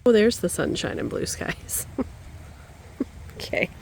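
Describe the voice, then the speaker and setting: A woman homesteader filming a casual vlog outdoors in her yard and garden on a handheld camera. She talks chattily, coos to her birds in a high coaxing voice, and lets out dismayed exclamations. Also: sing-song, takes it slowly, vocal fry, a little mellow, a little hiss or hum.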